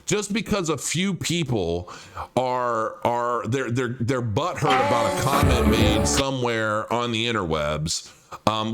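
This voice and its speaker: A man's voice: lowish voice, a bit bright, smooth. A man talking straight to camera about crypto in a casual, blunt and profane rant, often restarting his sentences with repeated words. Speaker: crypto commentator.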